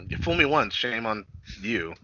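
A man's voice: mid-range voice, sharp tone, dull audio, a little hiss or hum. A young man co-hosting a casual podcast, profane and self-deprecating, laughing often. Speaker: podcast co-host.

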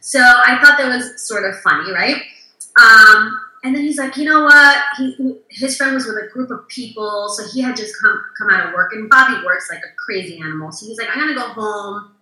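A woman's voice: a little high, normal speed, sharp tone, roomy sound, low-quality recording. A woman interior designer as a guest, chatting casually and telling stories in a bubbly way, acting out other people's lines. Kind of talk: casual storytelling chat.

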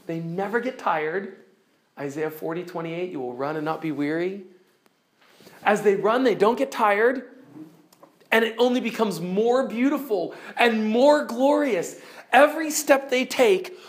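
A woman teacher retelling a story to her class, animated, swinging from bright exclaims to hushed, low dramatic moments.

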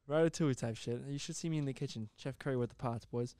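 A young man, animated and swearing a lot as he tells a story in casual podcast chat. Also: medium pitch, quick pace, smooth, no room sound, clean studio sound. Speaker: podcast co-host.

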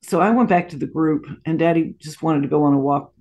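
Her voice is low-pitched and a little fast, and the audio sounds dull. In her sixties and interviewed as a guest, she tells family anecdotes warmly, often laughing and veering into asides.

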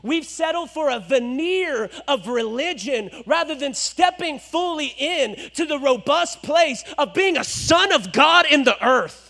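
A male pastor preaching a sermon, swinging between loud exhortation and hushed, low asides. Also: animated, a little slow, few pauses.

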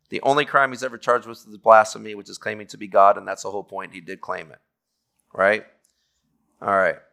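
A mid-range, creaky male voice, bright and forceful, guides a conversational theology class. The Bible teacher reads scripture aloud before explaining it simply, with frequent "okay?" check-ins.

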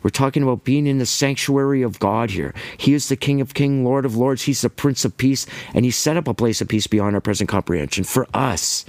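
A man giving an impassioned religious monologue, emphatic and ranting, with quick bursts and repeated words. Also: mid-range voice, no room sound. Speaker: Christian commentator.

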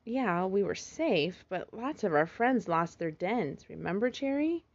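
A woman's voice: medium pitch, sing-song, unhurried. A woman voicing a young boy fox kit, an anxious older brother who talks in an earnest, fretful way, in a slightly muffled recording. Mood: glum.

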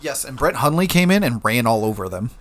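A relaxed young man in casual podcast chat about fantasy football. He speaks at a middle pitch, laughs easily and rattles off yards and touchdowns. His talk is loose and conversational. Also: a little fast. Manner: laid-back, chuckling, reads stats aloud. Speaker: podcast co-host.

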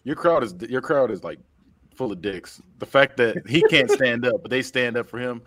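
A man's voice: medium pitch, lively intonation, moderate pace, fairly bright tone, no room sound. A man co-hosting a casual podcast, blunt and joking. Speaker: podcast co-host.

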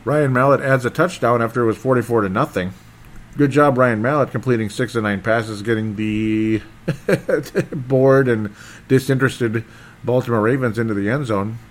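A man hosting a casual solo football recap, rambling and excitable and often losing his train of thought. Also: medium pitch, normal speed. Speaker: sports podcast host.

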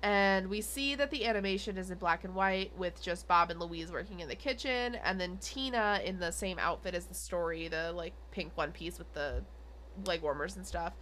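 A woman's voice: fairly low pitch, moderate pace, a bit bright, a little hiss or hum. A young adult woman co-hosting a podcast, recapping an episode in casual chat with lots of fillers and giggles. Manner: rambling with many fillers and giggles. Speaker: podcast co-host.

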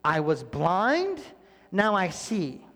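Earnest pastor with a soft, hushed delivery. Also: male voice, sits high, huge pitch swings, slow, long reverb tail. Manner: earnest, often dropping to a soft near-whisper. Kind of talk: sermon.

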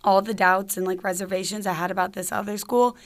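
A woman's voice: medium pitch, level tone, fast. A young woman from Georgia in the US, telling a personal story in a casual, chatty way with lots of "like" fillers. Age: young adult.

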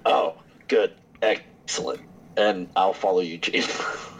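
A man's voice: low-pitched, steady tone, slow pace, fairly bright tone, a little hiss or hum. A man player in a tabletop role-playing game, joking around. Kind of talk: tabletop role-play chat.

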